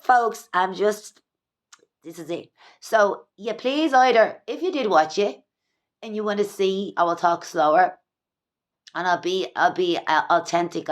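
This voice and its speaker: An Irish woman speaks fast in a confessional home vlog, looping back over her words as she goes. Her voice sits a little low for a woman. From Ireland. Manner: rambling, fast, repeats herself. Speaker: vlogger. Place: at home in her own small place.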